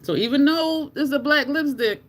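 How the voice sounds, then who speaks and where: Doing her makeup at a moderate pace, this beauty vlogger tells a lively, casual story. Profanity comes often, and quoting herself sends her voice up into high squeaks.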